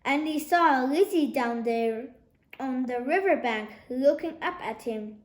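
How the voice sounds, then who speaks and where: Woman reading a kids book out loud, unhurried, lively, echoey room. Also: high voice. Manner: expressive, lively storytelling. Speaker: storybook narrator. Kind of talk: reading a children's book aloud.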